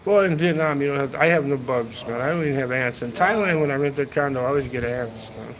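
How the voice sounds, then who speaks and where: A man's voice: mid-range voice, quick pace, a little hiss or hum, poor audio. A man chatting casually on a travel livestream from a hotel rooftop, rambling and swearing, ending his sentences with "man". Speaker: travel vlogger. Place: hotel rooftop seating area, outdoors.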